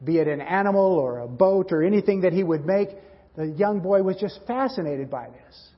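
A pastor preaches a sermon, earnestly telling a story. His voice is husky and sits fairly high. It carries a long church-hall echo and sounds dull. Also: lively intonation, normal speed. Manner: earnest storyteller who acts out dialogue. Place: church sanctuary.

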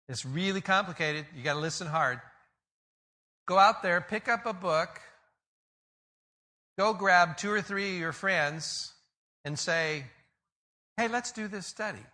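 A man's voice: high-pitched, sharp tone. A man as a pastor, giving a conversational sermon with joking asides and retold stories.

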